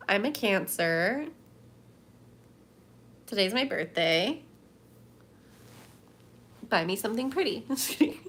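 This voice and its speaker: A woman's voice: mid-range voice, expressive, takes it slowly, pauses often, a bit bright. A woman livestreaming from home, chatting casually and rambling as she answers viewers' comments. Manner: chatty, rambling, reads chat aloud.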